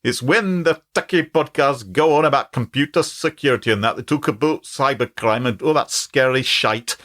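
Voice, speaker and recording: A man's voice: mid-range voice, normal speed, a bit bright, close to an everyday voice. A man voicing a foul-mouthed, blunt AI chatbot with a Glaswegian accent. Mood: scornful. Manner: blunt, insulting, sweary.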